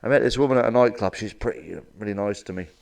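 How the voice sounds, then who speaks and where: A middle-aged man doing blunt, crude stand-up one-liners with a deadpan delivery and plenty of swearing. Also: fairly low pitch, rapid-fire, creaky, far from the mic. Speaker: stand-up comedian.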